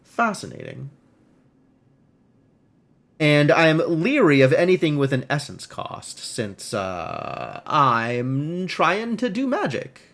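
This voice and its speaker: A man's voice: on the high side, wildly swooping pitch, slow pace, vocal fry, fairly bright tone. A man streaming a game, reading its text aloud and adding wry, musing asides.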